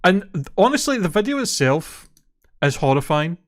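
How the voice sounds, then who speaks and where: A man's voice: high-pitched, big pitch swings, moderate pace. A man co-hosting a casual podcast, retelling a story and swearing freely as he gets worked up. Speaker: podcast co-host. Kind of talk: casual chat.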